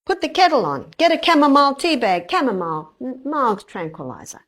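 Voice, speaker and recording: A woman's voice: high-pitched, very animated, a little fast, fairly bright tone. A woman giving a health lecture to a live audience, telling a story and asking the audience rhetorical questions. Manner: acts out quoted dialogue.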